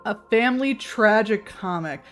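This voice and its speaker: A woman streaming from her room, chatting casually with her viewers at an ordinary middle pitch. She laughs easily and reads chat aloud in a loose, rambling way, with soft music playing faintly behind. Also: lively intonation, normal speed. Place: home room.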